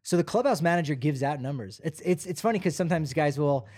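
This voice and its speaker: A man's voice: on the high side, fast talker, dry recording, clean studio sound. A man co-hosting a podcast, chatting casually and rambling with fillers. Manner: relaxed, rambling, many fillers. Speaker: podcast co-host. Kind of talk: casual sports chat.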